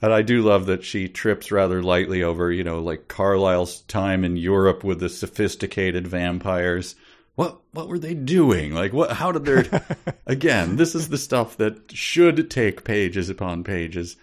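A male co-host with a very low voice, talking in a musing, meandering way. He drifts between ideas in a relaxed, casual chat. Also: measured pace. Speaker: podcast co-host. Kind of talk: casual book discussion.

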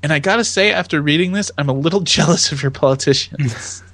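A man co-hosting a casual chat podcast, animated and laughing often as he reads tweets aloud in voices. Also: a little high, brisk. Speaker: podcast co-host.

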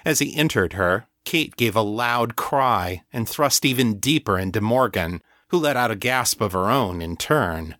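A man reading an audiobook story in calm, measured scripted narration. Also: on the low side, no echo, studio quality.

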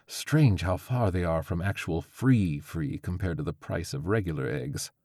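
A man's voice: deep voice, a little mellow, no room sound, studio quality. A man doing a drawling, sardonic crow familiar. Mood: mocking singsong. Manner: drawling, dire, slow.

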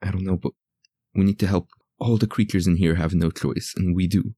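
Male player doing an earnest young character, deep voice kept low and reassuring, tabletop game, dry close mic. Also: steady tone, brisk, no echo. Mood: determined. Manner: softly lowered, reassuring delivery. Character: earnest young person, quietly determined.

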